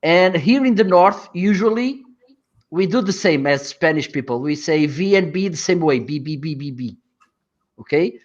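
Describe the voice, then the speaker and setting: A man from northern Portugal speaks English with his Portuguese accent. He explains at an easy pace and pauses on frequent fillers. The sound is dull and lo-fi. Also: sits high. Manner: hesitant, explaining with many fillers. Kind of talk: casual chat.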